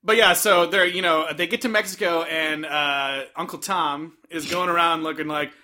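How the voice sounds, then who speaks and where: A man co-hosting a casual podcast, recapping a movie and acting out characters in quick voices. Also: fairly high pitch, steady tone, sharp tone. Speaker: podcast co-host.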